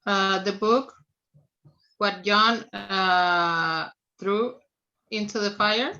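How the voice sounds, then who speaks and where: Slow, bright-voiced female student on dull audio. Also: mid-range voice, steady tone. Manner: hesitant, self-correcting.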